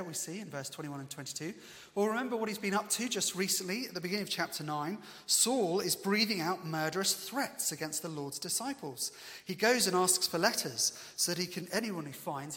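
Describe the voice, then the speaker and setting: A man preaching a sermon in a lively storytelling way, with bits of humour. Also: fairly high pitch, big-room sound.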